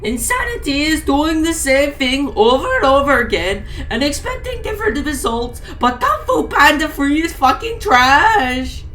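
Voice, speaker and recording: A woman voicing a manic, crude blue goat puppet who yells his lines in a shrill voice. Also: very animated, a little slow, few pauses, a little hiss or hum, full character voice, poor audio.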